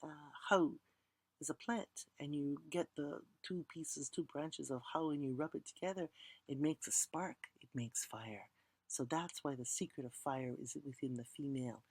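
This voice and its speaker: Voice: mid-range voice, normal speed, no echo. A teacher telling a legend as a lecture, reciting chant lines and then explaining them plainly, and inviting the audience to repeat words. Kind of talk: storytelling lecture.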